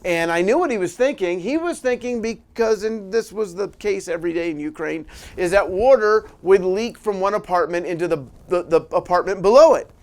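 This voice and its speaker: Middle-aged male preacher, high-pitched, animated storyteller who laughs between phrases. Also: normal speed. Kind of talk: sermon-style storytelling.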